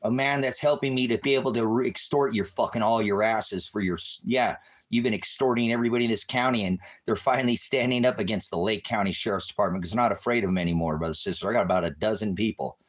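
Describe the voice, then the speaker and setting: A man ranting at his viewers on a livestream, cursing and taunting them, swinging between shouting and low muttering. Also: fast talker. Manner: angry, cursing, taunting, repeating insults. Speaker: ministry livestreamer. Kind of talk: profane livestream rant at viewers.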